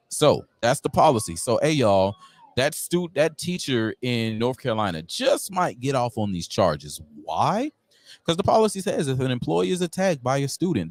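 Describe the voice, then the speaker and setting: Lively low-voiced man. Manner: reads news aloud, breaks in with slangy asides. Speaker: radio show host. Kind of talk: live talk show commentary on news.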